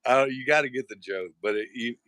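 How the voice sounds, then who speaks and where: A man's voice: mid-range voice, fairly quick, a bit bright, no echo. A man hosting a casual live show, rambling and swearing a lot, often stopping to restart his sentences. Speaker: host.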